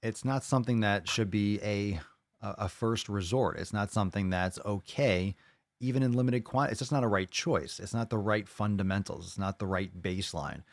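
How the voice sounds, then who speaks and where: A man hosting a solo podcast in a fairly low voice, talking bluntly with plenty of profanity. He reads listener messages aloud and reacts to them with open skepticism. The sound is dry and close, with no room echo. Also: moderate pace. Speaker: podcast host. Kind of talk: casual solo podcast monologue.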